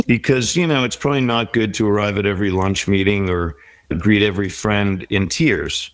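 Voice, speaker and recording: Middle-aged guy, lowish voice, thoughtful advice-giving chat, dry close sound. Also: normal speed, no room sound. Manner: reflective, advice-giving, with quoted inner voices. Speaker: guest. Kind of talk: conversational interview.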